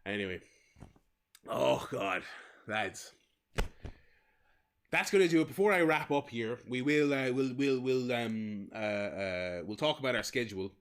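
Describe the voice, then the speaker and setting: A man's voice: medium pitch, a little slow, long pauses, clear, resonant tone. A man from Limerick with an Irish accent, chatting casually while livestreaming a game, rambling, swearing freely and stumbling over restarts. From Limerick, Ireland. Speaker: streamer.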